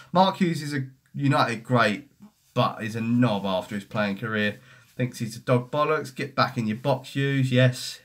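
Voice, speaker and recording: Reading comments on his football fan live stream, a young host chats casually in a medium-pitched, slightly bright voice. His banter is mocking and full of swearing.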